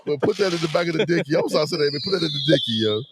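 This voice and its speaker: A man co-hosting a podcast in casual chat, rambling with lots of repeated words and sudden loud laughs. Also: a little high, animated, rapid-fire. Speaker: podcast co-host. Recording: noisy podcast recording.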